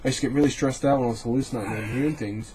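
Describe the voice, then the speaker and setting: Man in group chat, earnest and quick-paced, faint hiss in the room. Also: medium pitch, fairly even intonation, dark tone, low-quality recording. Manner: earnest, reasoning aloud, swears for emphasis. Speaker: support group member. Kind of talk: casual group discussion.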